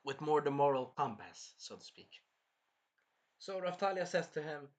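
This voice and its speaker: Excitable rambling male anime reviewer. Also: on the high side, normal speed. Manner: rambling, sidetracks and apologizes, excitable. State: throat irritation, clears throat. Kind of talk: casual chat recapping an episode.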